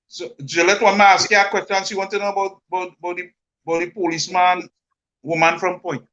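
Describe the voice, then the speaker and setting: A man's voice: sits high, level tone, fast, fairly bright tone, dull audio. A man, co-hosting a casual chat, teasing and relaying listener questions. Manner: teasing, laughs a lot, passes on listener questions.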